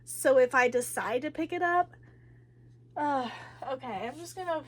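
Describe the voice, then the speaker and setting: A woman's voice: high-pitched, lively intonation, normal speed, a little hiss or hum. A woman book vlogger chatting casually about books, rambling and emotional, with many fillers and restarts. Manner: emotional, with sighs and laughs.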